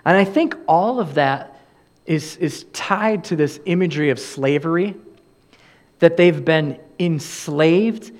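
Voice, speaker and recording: This man's voice is somewhat high yet darkish in tone. He's a pastor giving a sermon, earnest and conversational, often breaking off to restart a phrase.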